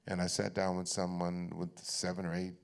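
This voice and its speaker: Gravelly, deep-ish male guest at a library talk, animated raconteur who restarts lines. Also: normal speed. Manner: animated, laughing, repeats and restarts phrases. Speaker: guest at an onstage conversation. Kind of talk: candid personal storytelling. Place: library event stage.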